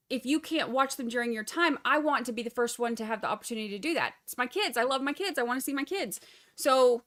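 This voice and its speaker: On a livestream, a woman with a fairly high voice gives casual, animated true crime commentary. She's sarcastic throughout and full of mocking asides.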